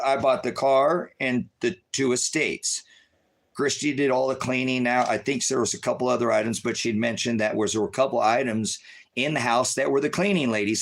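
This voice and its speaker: Stressed man ranting on a live stream. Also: mid-range voice. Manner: rambling, stressed, swings between shouting and muttering. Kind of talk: agitated live-stream rant.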